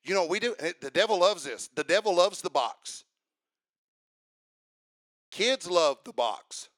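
A man preaching a sermon to a congregation, building to fervent shouts and calling for responses. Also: sits high, very animated, unhurried, dry recording, studio quality. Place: church service.

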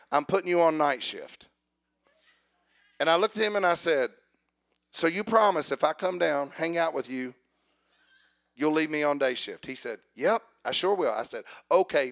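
High gravelly-voiced male preacher. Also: expressive, normal speed. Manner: builds to loud preaching, calls for amen; acts out dialogue in storytelling. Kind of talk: sermon with personal story.

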